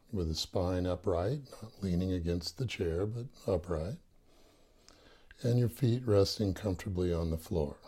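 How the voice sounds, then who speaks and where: A man guides a meditation session in a calm, soft-spoken way, slipping in gentle humor. His voice is lowish and mellow with a husky, breathy edge. He speaks very slowly and deliberately. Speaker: meditation teacher.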